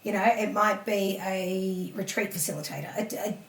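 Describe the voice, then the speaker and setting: A woman coach talking casually on a podcast, animated, laughing often and swearing offhand. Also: medium pitch, normal speed, vocal fry, reverberant, recorded from a distance, a little hiss or hum. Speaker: spiritual empowerment coach, guest.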